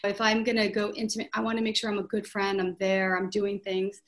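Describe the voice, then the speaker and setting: A woman's voice: medium pitch, completely flat delivery, a little fast. Woman CEO telling candid personal stories. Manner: open, reflective storytelling. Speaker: showroom CEO, podcast guest. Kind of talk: candid conversational interview.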